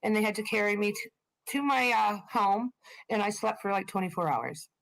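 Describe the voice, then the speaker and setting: A woman co-hosting a live stream, telling frank, animated personal stories and swearing for emphasis. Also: mid-range voice, normal speed, gravelly, poor audio. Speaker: co-host of a live stream channel. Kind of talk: casual storytelling on a live stream.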